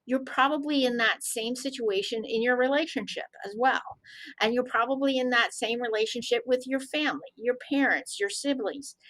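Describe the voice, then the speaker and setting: Animated woman telling coaching stories. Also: fairly high pitch, normal speed, rough recording. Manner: animated, recounts conversations in dialogue. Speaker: guest, anti-bullying consultant. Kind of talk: storytelling in an interview.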